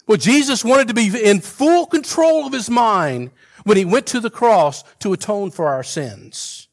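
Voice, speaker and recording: A pastor delivering a sermon in a loose, conversational way, full of fillers and restarts, mixing rhetorical questions with homespun humor. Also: male voice, a little high.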